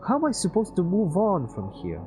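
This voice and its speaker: A man's voice: high voice, huge pitch swings, fairly quick, dark tone, pitched above the performer's own voice, rough recording. Man voicing grieving former teacher, game character, earnest, raised voice, music behind. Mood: despairing. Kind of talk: reading game dialogue aloud.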